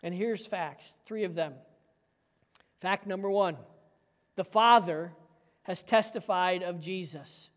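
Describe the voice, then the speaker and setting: A pastor delivering a sermon, emphatic and forceful, dropping to a quiet, intense hush for key points. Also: male voice, high-pitched, slow pace, pauses often, long reverb tail.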